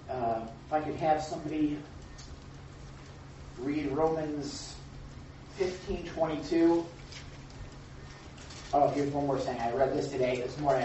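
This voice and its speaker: Heard from afar in a highly reverberant church room, this Bible study leader speaks at a medium pitch with a slightly mellow quality, and the muffled recording carries a faint hiss. The delivery feels casual and chatty, full of rhetorical questions. Occasionally the voice rises as the speaker dramatizes little scenes.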